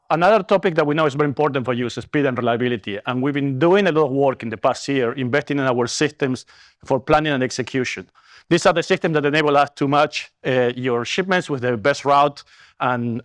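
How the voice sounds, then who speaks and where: A man's voice: medium pitch, no room sound, studio quality. Latin-accented man giving a conference talk. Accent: Latin American. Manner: earnest, upbeat, with frequent fillers and self-corrections. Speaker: company executive presenter. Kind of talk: conference keynote presentation.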